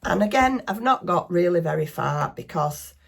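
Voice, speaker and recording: Low gravelly Northern English woman chatting. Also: expressive, normal speed. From northwest England. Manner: chatty, rambling, self-deprecating. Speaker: craft vlogger. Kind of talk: casual craft chat.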